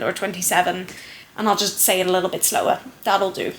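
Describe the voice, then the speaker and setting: A woman's voice: mid-range voice, level tone, normal speed, fairly bright tone, roomy sound. A woman chatting casually to camera at home, thinking aloud in a self-deprecating way. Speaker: vlogger.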